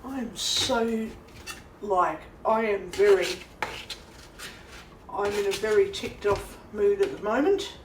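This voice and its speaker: Slow, angry woman ranting. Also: medium pitch. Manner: angry, swearing, slow repetitive venting. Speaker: vlogger. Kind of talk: ranting vlog while making food. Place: kitchen at home. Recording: roomy, distant, noisy background.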